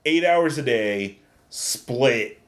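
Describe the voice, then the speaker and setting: A man's voice: mid-range voice, lively intonation, very slow. A man co-hosting a casual chat, talking in a rambling way full of fillers. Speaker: co-host.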